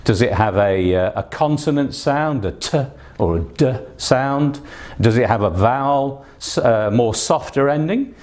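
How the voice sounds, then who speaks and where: A man's voice: medium pitch, expressive, unhurried, darkish tone. Man, online English teacher, patient, instructive, mid-range voice, filler-heavy delivery. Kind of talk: online exam-prep lesson.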